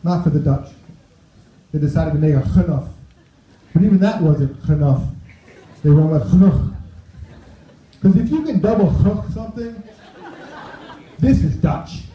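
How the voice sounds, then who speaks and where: A man's voice: a little high, animated, measured pace, long pauses. A man performing a stand-up set on a club stage, chatty, tossing asides to the crowd. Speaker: stand-up comedian. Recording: roomy, dull club recording.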